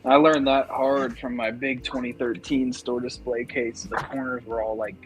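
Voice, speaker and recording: A man chatting casually on a live stream about display cases, relaxed and loose with his filler words. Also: mid-range voice, moderate pace, low-quality recording.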